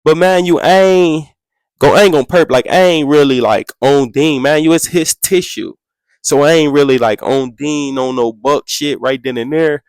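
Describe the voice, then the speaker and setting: A young man, a podcast guest, telling a story in an animated way, acting out quotes in a much higher voice and adding sound effects. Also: moderate pace, smooth, no room sound, clean studio sound.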